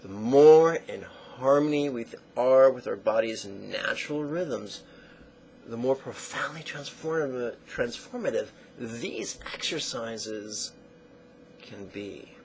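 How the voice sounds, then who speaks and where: A man teaching a guided meditation lesson in slow, deliberate phrases that trail off into soft near-whispers. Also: medium pitch, lively intonation, gravelly, a little hiss or hum, poor audio.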